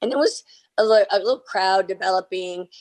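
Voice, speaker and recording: A middle-aged woman on a video-call fan panel, telling lively stories and acting out the people in them. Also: a little fast. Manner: animated, acts out quotes with big leaps in pitch. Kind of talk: casual anecdote telling.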